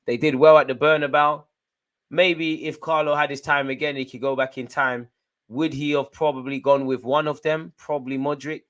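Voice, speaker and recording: A young man hosting a live football watchalong, giving chatty, jokey running commentary full of slang, jumping between excited outbursts and low muttered asides. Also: normal speed. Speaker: fan watchalong host.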